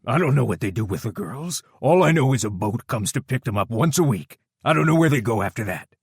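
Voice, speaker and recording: A hulking crude brute, as a male narrator puts him on, loud and rough, voice raised and strained. The sound is close and dry. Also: medium pitch, lively intonation, fairly quick, dry recording, pitched above the performer's own voice. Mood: begging. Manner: loud and crude, pleading tearfully. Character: big burly brute, crude, breaking into blubbering.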